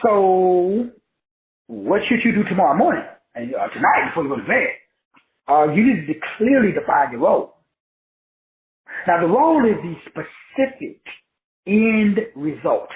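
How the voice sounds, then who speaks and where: A man's voice: high-pitched, very animated, measured pace, long pauses. Preachy man on an echoey phone-like line. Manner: preachy, repetitive, colloquial. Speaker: online teacher and host. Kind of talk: motivational lecture.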